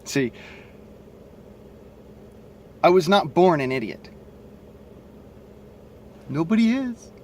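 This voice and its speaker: A man's voice: a little high, big pitch swings, takes it slowly, a little hiss or hum. A man with a Southern accent and a stutter, talking bluntly and profanely into his cell phone in a rambling monologue. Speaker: vlogger. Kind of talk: casual monologue to camera.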